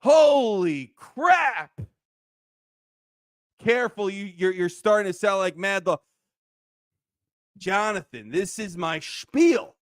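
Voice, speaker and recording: A man hosting a sports fan show, ranting and shouting in heated commentary, then dropping into low grumbles. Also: dry recording, studio quality.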